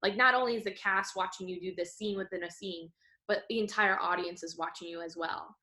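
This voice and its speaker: A young woman in her twenties talks with an excited, tumbling rhythm, restarting her sentences and filling them with little fillers. Her voice is bright and forward, sitting in a middle register for a woman. It sounds like relaxed interview chat. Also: mid-range voice, fairly quick. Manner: animated, tumbling restarts and frequent "like". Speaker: guest, Broadway performer and dancer.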